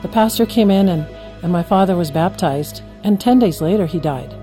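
A woman telling an earnest, gentle personal story of faith. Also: on the low side, moderate pace, faint music behind. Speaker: teacher. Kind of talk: personal testimony.

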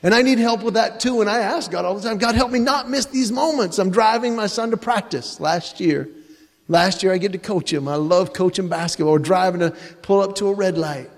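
A man telling a faith-based family story to an audience, animated and acting out the dialogue. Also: sits high, fairly quick, big-room sound. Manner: animated, acts out dialogue in voices.

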